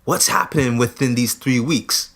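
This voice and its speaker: A man co-hosting a podcast in casual chat, posing drawn-out rhetorical questions. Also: medium pitch, gravelly, a bit bright. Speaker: podcast co-host.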